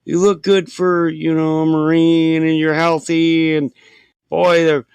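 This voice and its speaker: A man's voice: fairly high pitch, little pitch movement, measured pace, a little mellow, smooth, dry recording. A man voicing his proud, fussing middle-aged mother as she scolds her son. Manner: chiding, motherly.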